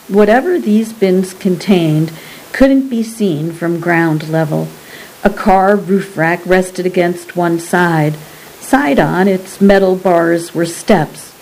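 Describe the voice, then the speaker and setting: A woman reading a story aloud as narrator, in a measured, deliberate way. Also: on the low side, mellow, poor audio. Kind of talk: scripted audiobook narration.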